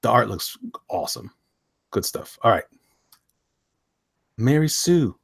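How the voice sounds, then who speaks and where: A man's voice: on the low side, moderate pace, gravelly, fairly bright tone, husky, no room sound, clean studio sound. A man hosting a casual chat show, flipping through comics, often laughing and repeating himself. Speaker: host.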